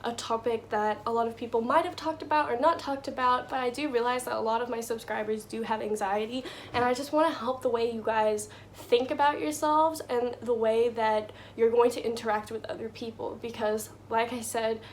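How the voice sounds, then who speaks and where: A woman's voice: fairly high pitch, steady tone, a little fast, few pauses, slight background noise. A young woman giving casual life advice to her viewers, chatty and full of "like" and "you know".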